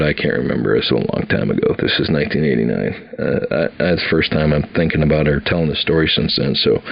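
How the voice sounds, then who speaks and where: A man's voice: low-pitched, creaky, highs cut off. A man in his fifties casually telling an old army story, rambling with many fillers and restarts.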